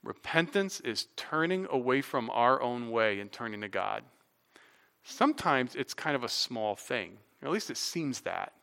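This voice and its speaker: Speaking at a medium pitch with a gravelly yet smooth texture, a middle-aged pastor delivers his sermon unhurriedly. He is animated and conversational, raising his volume to stress points and slipping in offhand remarks.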